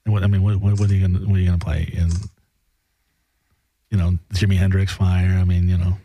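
Joking man who stammers, deep voice. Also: level tone, quick pace, dark tone. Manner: stammers and repeats, jokey, laughs often. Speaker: co-host commenting on a live demonstration. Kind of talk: casual joking commentary.

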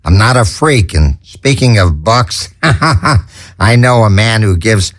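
A man's voice: lowish voice, lively intonation, takes it slowly, dry recording, studio quality. A man hosting a comedy show, telling corny puns with stammers and chuckles at his own jokes. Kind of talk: corny stand-up patter.

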